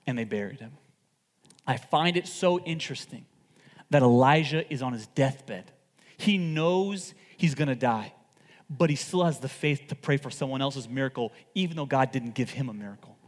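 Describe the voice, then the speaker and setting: A man preaching a sermon to his church, swinging between loud outbursts and hushed asides and acting out the people he quotes. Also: on the high side, in a large hall. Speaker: pastor.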